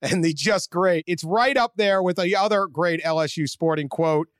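High-voiced guy hosting a sports podcast, laughs a lot, dry sound. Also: normal speed, clear, resonant tone, no echo. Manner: animated, laughs often. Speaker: podcast host. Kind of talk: casual sports podcast chat.

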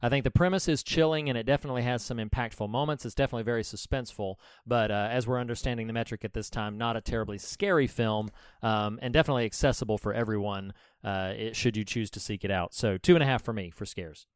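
This podcast co-host on a casual film show has a smooth, resonant, lowish voice, recorded close and dry with no echo. He speaks fast with few pauses, in an earnest, sermon-like manner that wanders into scripture and encouragement.

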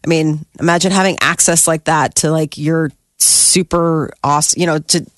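A woman's voice: sits low, steady tone, moderate pace, no room sound, studio quality. A woman co-hosting a morning radio show, reading entertainment news in a chatty, giggly way with many fillers. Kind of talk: casual morning radio chat.

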